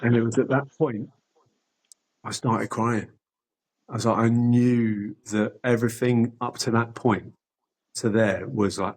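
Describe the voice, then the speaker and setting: A man's voice: mid-range voice, fairly even intonation, a little slow, long pauses, a little mellow, rough recording. A middle-aged man telling his personal story candidly as a podcast guest, swearing often and restarting sentences.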